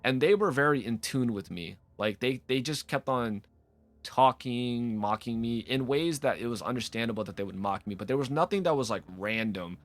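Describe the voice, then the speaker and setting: A gaming video host rambling through a profane, off-the-cuff rant, often breaking off mid-sentence. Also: male voice, mid-range voice, normal speed, soft background music. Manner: rambling, profane, frequent self-interruptions. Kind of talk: casual off-the-cuff rant to camera.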